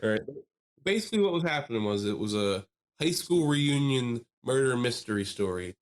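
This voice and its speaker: Animated man telling a story on a podcast. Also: mid-range voice, moderate pace. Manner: animated storyteller, laughs while telling, mimics people he quotes. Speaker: podcast co-host. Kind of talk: casual storytelling chat.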